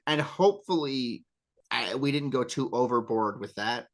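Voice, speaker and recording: A man's voice: mid-range voice, animated, moderate pace. Rambling self-deprecating man. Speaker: game master. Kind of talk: casual chat.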